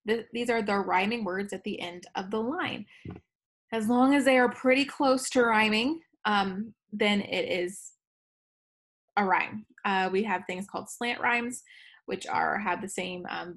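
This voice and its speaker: A woman's voice: medium pitch, moderate pace, a bit bright. Chatty woman teacher recording a lesson. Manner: chatty, self-correcting, laughs at own slips.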